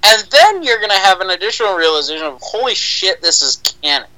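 A man's voice: high-pitched, sing-song, fast, a loud crowd, poor audio. A young man co-hosting a casual podcast chat, speaking in a mock-solemn, insistent way and repeating names for emphasis. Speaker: podcast co-host.

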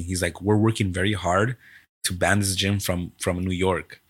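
A man's voice: low voice, a little fast. A man who owns a Muay Thai gym and coaches fighters, chatting casually on a podcast, telling stories with swearing and acted-out quotes. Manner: animated storytelling, acts out quoted exchanges, swears freely.

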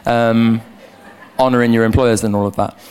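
A man's voice: medium pitch, level tone, normal speed, darkish tone, clean tone. Young guy youth leader preaching at church, earnest and chatty, lots of restarts, handheld mic. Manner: earnest, conversational with frequent restarts. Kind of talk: sermon. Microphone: handheld microphone.

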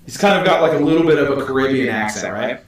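A man's voice: mid-range voice, lively intonation, quick pace, faint music behind. A man hosting a podcast, telling a long story in a casual, profane, rambling way. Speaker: podcast host. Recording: echoey room, distant mic.

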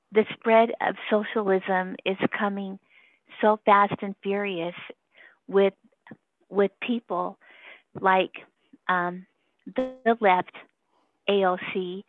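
A woman's voice: medium pitch, dry recording. A woman giving a casual phone interview, rambling and emotional, laughing often between her points. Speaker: interview guest. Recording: tinny phone line.

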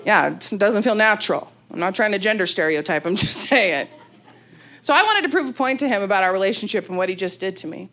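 On a comedy club stage, a woman in her thirties from Las Vegas delivers her set briskly in a mid-range voice through a handheld mic. Her brash, candid storytelling comes with big animated asides, set against the live audience's laughter and the room's ambience.

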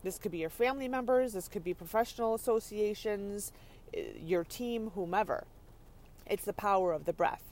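A woman podcast host giving an energetic, chatty motivational teaching talk from her parked car. She laughs often and keeps checking in with her listeners. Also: medium pitch, normal speed. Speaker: podcast host and leadership coach. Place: parked car on a rainy day.

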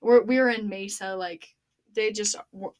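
A young woman hosting a podcast, telling a funny story in casual chat, animated and laughing, full of "like". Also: medium pitch, normal speed. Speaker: podcast host.

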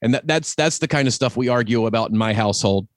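Middle-aged guy hosting a chat, lively storyteller, dry close sound. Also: medium pitch, fast, dry recording. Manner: animated storyteller, acts out quoted voices. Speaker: podcast host. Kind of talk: casual chat.

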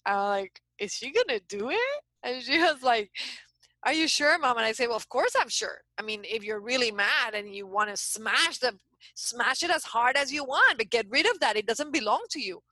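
Talking at a normal speed in a fairly high voice, a middle-aged guest coach relates a story during a casual interview, animated and full of restarts as she speaks in bursts. The audio is poor, with no room sound.

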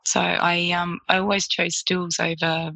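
A woman's voice: on the low side, level tone, unhurried, creaky, sharp tone, no echo, rough recording. An Australian woman, a photographer, chatting as an interview guest and telling stories with frequent laughter. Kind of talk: casual storytelling interview.

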